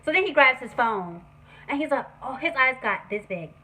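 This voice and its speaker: A young woman telling a story on her vlog, animated and profane in a casual way. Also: high-pitched, moderate pace, rough recording. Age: young adult. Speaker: vlogger.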